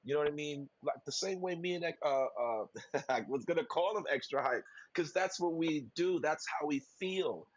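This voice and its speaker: A man's voice: on the high side, normal speed, breathy edge, no room sound, lo-fi sound. A man co-hosting a podcast in casual talk, rambling and acting out little quoted voices as he goes. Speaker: podcast co-host.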